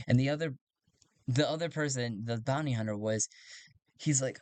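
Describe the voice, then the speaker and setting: A man narrating a solo tabletop game, thinking aloud and getting excited over dice rolls. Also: medium pitch, moderate pace, no echo. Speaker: solo game player and game master.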